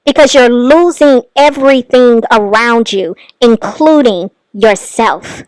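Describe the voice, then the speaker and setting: A woman's voice: fairly high pitch, slow pace, hardly any pauses, clean tone, dry recording, poor audio. Commentary host, woman, blunt and scolding, dry close recording. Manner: blunt, scolding, addresses the subject directly. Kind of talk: reaction commentary.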